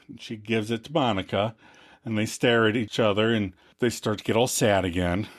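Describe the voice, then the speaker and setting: A man's voice: lowish voice, fairly even intonation, a little fast. A man co-hosting a podcast, narrating the scene and acting out the quotes in casual recap chat. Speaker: podcast co-host.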